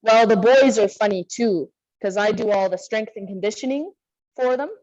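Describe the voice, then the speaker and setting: A Canadian woman instructor runs a live online exercise class, calling out moves and breathing cues while chatting about her week. Her mid-range voice has a darkish tone at normal speed, and the lo-fi sound comes through a video call microphone.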